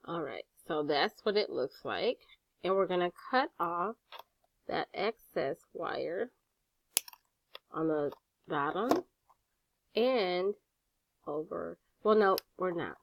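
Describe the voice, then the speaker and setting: A sassy older woman talks through a craft tutorial at an unhurried pace, her pitch swinging up and down as she chats. She swears now and then. The room is dry and close, with no echo. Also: expressive, vocal fry, lo-fi sound. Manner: sassy, chatty, swears casually. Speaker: jewelry-making instructor.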